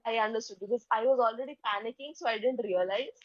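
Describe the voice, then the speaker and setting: A woman's voice: on the high side, fairly quick, hardly any pauses, a bit bright, no echo, highs cut off. Chatty young woman storyteller. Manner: chatty, peppers speech with "like" and "okay", acts out dialogue. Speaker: streamer telling a story. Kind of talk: casual storytelling chat.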